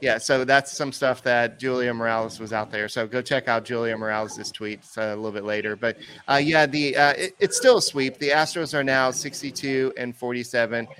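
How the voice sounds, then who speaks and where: A man's voice: medium pitch, moderate pace, hardly any pauses, fairly bright tone, slight background noise. A man co-hosting a sports podcast, recapping a game in an easygoing, rambling way. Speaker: podcast co-host. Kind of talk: casual sports chat.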